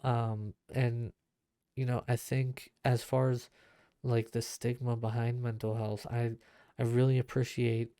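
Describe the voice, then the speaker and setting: An earnest young man talks bluntly on his own podcast, filling his sentences with restarts and asides. His voice is dark, smooth and mellow, recorded close and dry with no room sound. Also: mid-range voice, little pitch movement, a little slow, no echo. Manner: earnest and blunt, grows heated with frequent fillers and restarts. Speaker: podcast host and streamer. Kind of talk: casual solo podcast talk.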